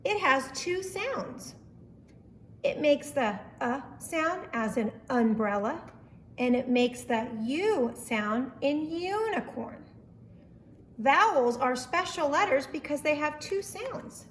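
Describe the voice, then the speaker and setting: A woman preschool teacher giving a lesson and reading a story aloud, speaking slowly, clearly and encouragingly. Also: sits high, fairly bright tone, slight background noise.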